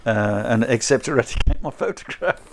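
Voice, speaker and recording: A man's voice: mid-range voice, expressive, fairly quick, slight background noise. An older man, a kung fu teacher chatting casually on a podcast, rambling with restarts and dry humour. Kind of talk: casual chat.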